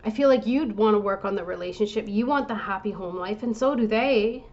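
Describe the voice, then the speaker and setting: Gentle woman giving a tarot reading. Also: mid-range voice, a little fast, dull audio. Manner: gentle, reassuring, self-interrupting with apologies. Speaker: tarot reader.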